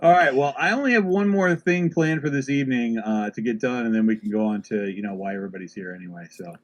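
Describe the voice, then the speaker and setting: A man's voice: medium pitch, fast talker, highs cut off. A man hosting a casual chat show, talking in a hesitant way and trailing off. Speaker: podcast host.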